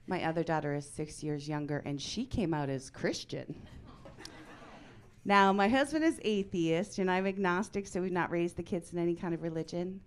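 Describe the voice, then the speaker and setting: A woman in her forties doing stand-up on a club stage, her lowish voice mostly dry and deadpan. Now and then it jumps into loud, mock-outraged bursts. A faint hiss sits under the recording. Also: normal speed. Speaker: stand-up comedian. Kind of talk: stand-up comedy set. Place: comedy club stage before a live audience.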